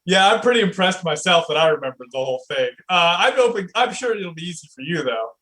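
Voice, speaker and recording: A man's voice: a little high, animated, quick pace, bright, forceful tone, rough recording. A young man streaming improv comedy, playfully retelling an absurd story.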